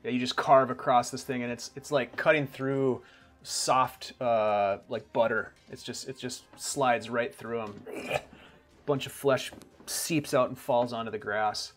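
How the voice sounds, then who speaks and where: A man's voice: mid-range voice, steady tone, measured pace. A man with an ordinary mid-range voice runs a tabletop game as its game master. He calls hits and damage in an easygoing manner and describes the combat vividly. Faint music plays underneath.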